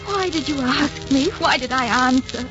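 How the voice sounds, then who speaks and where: Actress doing a torn-up aristocratic lady in an old radio play, shaky and emotional, kinda high, muffled old broadcast with music behind. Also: moderate pace, close to an everyday voice. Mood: anguished. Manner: emotional, tremulous theatrical delivery. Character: Lady Emma Hamilton, anguished aristocratic lover. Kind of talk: 1940s radio drama acting.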